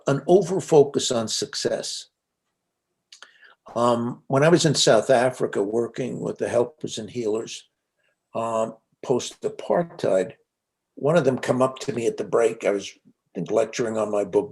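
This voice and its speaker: Gravelly-voiced man telling stories. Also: medium pitch, darkish tone. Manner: reflective, anecdotal, frequent restarts. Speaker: interview guest, psychologist and author. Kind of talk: conversational storytelling interview.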